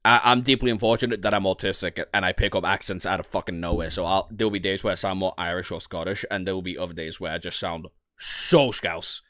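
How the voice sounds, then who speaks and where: A man from the North of England with a Northern English accent, casually chatting on a livestream. He swears freely, laughs often and jumps into high-pitched outbursts. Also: fairly even intonation, fast, few pauses, bright, forceful tone, dry recording, clean studio sound. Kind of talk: casual livestream chat, reading and reacting to chat.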